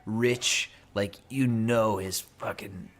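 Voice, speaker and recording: A young man hosting a podcast, chatting casually, animated and swearing, often mocking people. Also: lowish voice, slow pace, a little hiss or hum. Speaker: podcast host. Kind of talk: casual chat.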